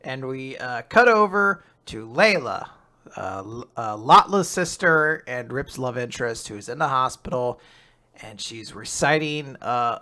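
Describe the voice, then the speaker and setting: A man co-hosting a casual podcast, retelling a manga chapter as an animated storyteller who laughs often and acts out the quotes. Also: fairly high pitch. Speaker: podcast co-host.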